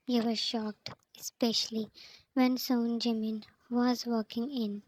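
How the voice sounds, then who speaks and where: A woman reads a fanfiction story aloud, naming each speaker before their lines. Her voice is fairly high and her pace slow and unhurried, with a level delivery that barely rises or falls. The audio quality is poor.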